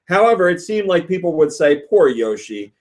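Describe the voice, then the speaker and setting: Male podcast host, animated, swooping voice, a bit high, casual banter. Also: moderate pace. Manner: animated, laughing, reads listener comments aloud.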